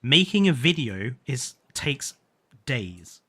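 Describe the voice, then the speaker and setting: A man's voice: mid-range voice, big pitch swings, takes it slowly, pushed and bright, husky. A young man chatting casually on a live stream, laughing often, tripping over names and sounding tired. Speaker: gaming streamer.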